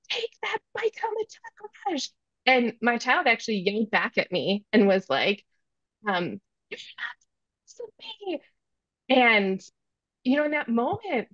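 Candid mom telling a parenting story. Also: female voice, on the high side, dry recording, highs cut off. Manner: frank, self-reflective, many fillers. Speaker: podcast guest.

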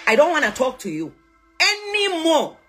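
Zambian influencer, female, fiery scolding rant, high and animated delivery, mixes English with local words. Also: normal speed, soft background music. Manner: scolding, switches between English and local words, mocking repeats. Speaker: social media influencer. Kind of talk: heated vlog rant.

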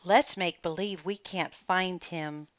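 A woman's voice: on the low side, steady tone, takes it slowly, no room sound, muffled recording. A woman voicing a young boy from a children's storybook, sounding earnest and a little wistful.

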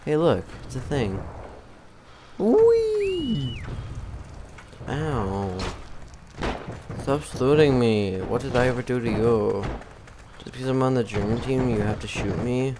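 A man giving casual, rambling commentary while playing a game, poking fun at himself and getting excitable. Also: medium pitch, moderate pace. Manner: rambling, self-mocking, excitable. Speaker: gamer. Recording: noticeable background noise.

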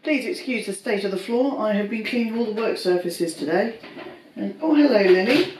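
A woman's voice: medium pitch, normal speed, darkish tone, reverberant, recorded from a distance, slight background noise, rough recording. A woman vlogging casually from her home kitchen, chatting to viewers and her cats. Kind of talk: casual vlog chat.

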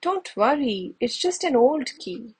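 Brief: woman voicing a keen storybook inventor dad, breathy voice. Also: sits high, big pitch swings, slow, no echo, exaggerated voice. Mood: eager. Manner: eager. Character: eager curious male scientist father.

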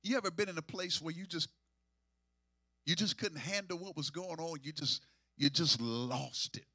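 Bright high-pitched preaching man, dry. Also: normal speed, dry recording. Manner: call-and-response preaching, swinging from hushed to near-sung shouts. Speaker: pastor. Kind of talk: sermon.

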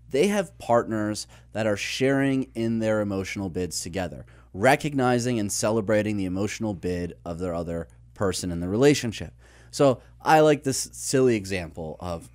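A podcast co-host with a lowish, slightly mellow voice explains research. He lists ideas and tells illustrative stories in an explanatory way.

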